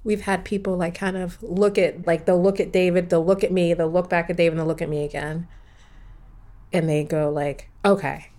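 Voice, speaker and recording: A woman in casual conversation, telling a personal story in an animated, emphatic way with many fillers. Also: on the low side, moderate pace. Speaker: partner sharing a personal story.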